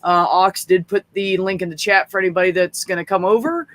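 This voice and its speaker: A man hosting a livestream in casual chat, frank and rambling, swearing freely and filling pauses with ums. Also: high-pitched, steady tone, a bit bright. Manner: frank, profane, rambling with fillers. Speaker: livestream host.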